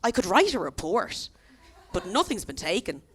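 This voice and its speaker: An Irish woman voicing a weary, blunt male police officer in his fifties, grumbling flatly in her stand-up set. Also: mid-range voice, moderate pace, slightly rough.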